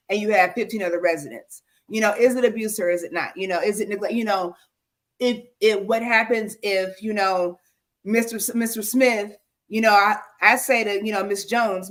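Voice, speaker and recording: A woman co-hosting a talk show on senior care, telling stories with exclamations, lots of fillers. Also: medium pitch. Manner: animated, exclaiming, with many fillers. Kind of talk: casual storytelling chat.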